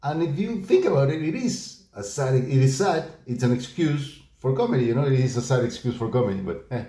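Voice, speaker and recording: A man's voice: mid-range voice, expressive, a little fast, dark tone, echoey room. A man hosting a comedy podcast with an upbeat, game-show-style delivery, chatting casually with his co-hosts. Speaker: podcast host.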